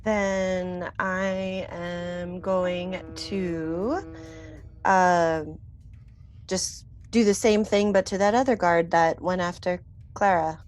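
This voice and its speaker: A woman playing a tabletop game, speaking in an unhurried, hesitant way. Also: fairly low pitch, steady tone, darkish tone, soft background music. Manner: slow, unhurried. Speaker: player.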